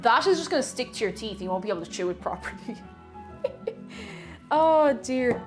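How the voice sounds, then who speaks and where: Her voice is a little high and moves at a normal speed, with faint music in the background. She's baking in her home kitchen while chatting with her stream chat, reading messages out loud and whooping excitedly in bursts.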